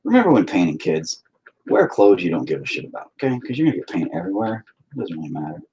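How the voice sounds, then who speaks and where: A man's voice: low-pitched, big pitch swings, fast, mellow, a little hiss or hum, low-quality recording. Rambling foul-mouthed man painting. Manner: crude, rambling, jokey, swears a lot. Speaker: painter streaming his work. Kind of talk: casual painting chat.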